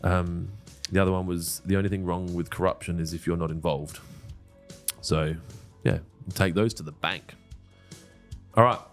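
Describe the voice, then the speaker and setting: A man's voice: deep voice, fairly even intonation, normal speed, soft background music. A man co-hosting a casual podcast, joking and swearing freely. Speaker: podcast co-host. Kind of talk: casual banter.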